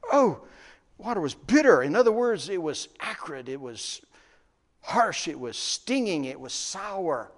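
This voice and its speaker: A man delivers a sermon in a fairly high voice that swings widely up and down. He keeps putting questions to his listeners. His voice rings with the long reverb of a large hall. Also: unhurried. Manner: lively, questioning the congregation. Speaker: pastor.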